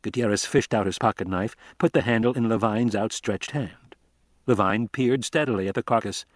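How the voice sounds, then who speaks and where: A man narrating an audiobook in a steady, measured reading voice, recorded close to the mic. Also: on the low side, dry recording. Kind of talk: scripted narration.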